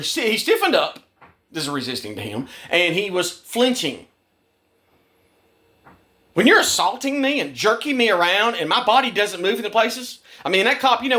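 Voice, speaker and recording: A man's voice: high voice, pushed and bright. A man ranting to camera in a vlog. He talks heatedly, repeats words, restarts his sentences and swears. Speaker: vlogger. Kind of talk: agitated rant to camera.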